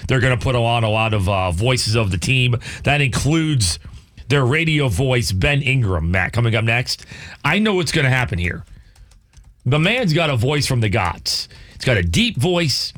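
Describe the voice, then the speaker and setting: A man's voice: medium pitch, big pitch swings, moderate pace, fairly bright tone. A man co-hosting a sports radio show, joking and teasing in a playful way.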